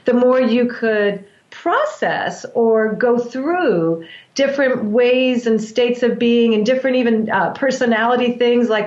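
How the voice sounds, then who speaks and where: A woman practitioner talks through breath work in long, earnest explanations, circling back and restarting her phrases. Her voice sits a little high. The recording is roomy and somewhat muffled. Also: unhurried, a little mellow. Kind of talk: explanatory interview talk. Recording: roomy, dull lo-fi sound.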